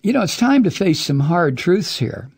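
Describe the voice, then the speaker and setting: A man's voice: sits high, very animated, moderate pace, vocal fry, husky. A man hosting a political talk show, delivering an angry, profane and sarcastic monologue, drawing out words for emphasis. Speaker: political talk radio host.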